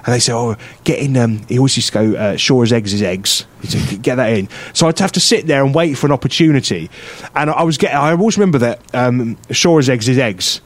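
A man spinning a long, meandering story on a radio show, piling up fillers and false starts as he goes. His voice sits at an ordinary middle pitch, and his delivery stays easygoing. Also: expressive, quick pace, dry recording. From England. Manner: rambling anecdotal storytelling with frequent fillers and laughs. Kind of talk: casual chat.

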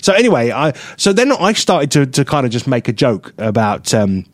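A man's voice: mid-range voice, normal speed, dry recording. A man, co-hosting a casual radio chat show and telling stories with lots of laughter. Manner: animated, laughing storyteller. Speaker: radio co-host. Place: radio studio.

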